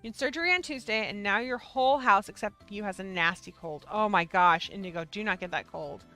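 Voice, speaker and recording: A woman hosting a casual livestream, chatting with her viewers in a bubbly, excitable way. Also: medium pitch, fairly quick, soft background music. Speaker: livestream host of a yarn shop show.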